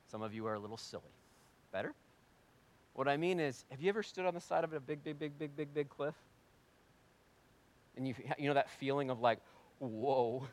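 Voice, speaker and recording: A man preaching a sermon, conversational and animated, swinging between loud emphasis and hushed asides. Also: medium pitch. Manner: conversational, self-deprecating humor. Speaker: pastor.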